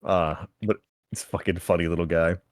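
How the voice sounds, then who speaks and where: A man running a tabletop game as game master, casual and quick to laugh. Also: sits low, steady tone, no echo, clean studio sound. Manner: casual, laughing, swears freely.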